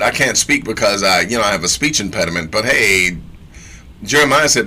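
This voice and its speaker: A man with a bright, forceful voice gives a casual sermon, reading scripture aloud and stopping to comment. He talks in slangy asides and repeats phrases for emphasis. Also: lowish voice, animated, moderate pace. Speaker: teacher of scripture.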